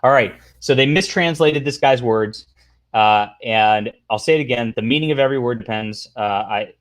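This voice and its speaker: This casual livestream is hosted by a man whose voice is medium-pitched and moderately paced. Between reading posts aloud and talking to the chat, he rambles on with commentary and slips in sarcastic asides.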